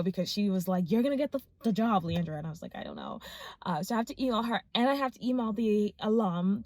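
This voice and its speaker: A young woman in her twenties chats straight into her phone's front camera, rambling and excited, her words tumbling out with lots of fillers. Her voice sits at an ordinary middle pitch. The sound is close and dry, with no room around it. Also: no room sound. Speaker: law student vlogger. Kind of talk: casual vlog chat.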